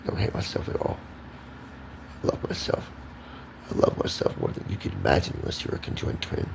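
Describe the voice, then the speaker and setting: Man vlogger, gravelly and lively in pitch, preachy rambling delivery over a noisy background. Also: brisk. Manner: emphatic, repetitive, preachy. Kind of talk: rambling monologue to camera.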